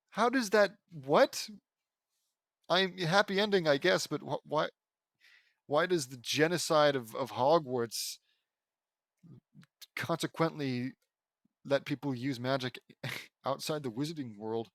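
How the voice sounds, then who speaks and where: A man's voice: a little high, slow pace, long pauses, fairly bright tone, dry recording, clean studio sound. A young man reading fan fiction aloud and breaking off with sarcastic, bemused comments. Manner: sarcastic, riffing, stumbles and laughs at the text.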